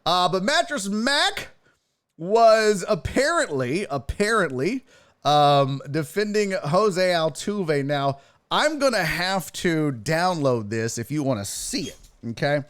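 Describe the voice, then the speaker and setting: A man hosting a casual streamed sports talk show, profane and excitable, chatting with his viewers. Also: sits high, takes it slowly, no room sound, clean studio sound. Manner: profane, excitable, talks to chat.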